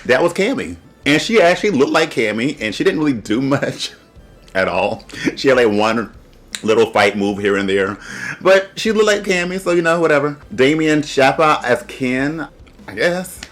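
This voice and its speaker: A man's voice: mid-range voice, animated, moderate pace, fairly bright tone. A man hosting a casual review, chatty and blunt, joking and laughing often. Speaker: host.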